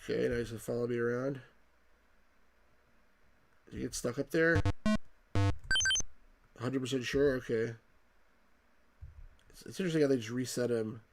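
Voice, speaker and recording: A man's voice: mid-range voice, normal speed, gravelly, long pauses, soft background music. A man hosting a let's play, rambling casually as he reads game text and chat aloud.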